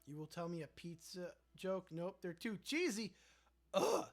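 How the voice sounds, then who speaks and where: A man with a high, lively voice chats loosely on his livestream at a moderate pace, his voice slightly raised as he reads out viewer comments and answers them. As the host, he's sarcastic and rambling, often trailing off mid-thought.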